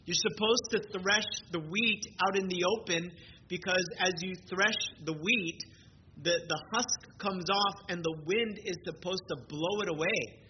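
Male pastor, high voice, earnest conversational sermon, repeats words, dull recording with noise behind. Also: unhurried. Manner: earnest, conversational preaching with frequent word repeats.

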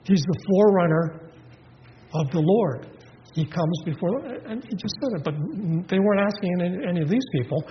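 A man with a fairly high voice preaches a sermon, talking through the verses in a conversational way and asking rhetorical questions. The recording is dull and lo-fi, with a long reverb and noise. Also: animated, normal speed. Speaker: pastor.

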